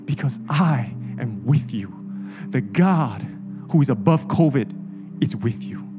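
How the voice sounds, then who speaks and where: A man's voice: medium pitch, very animated, slow pace, music in the background. A man, preaching a sermon with an impassioned, repetitive cadence. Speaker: pastor.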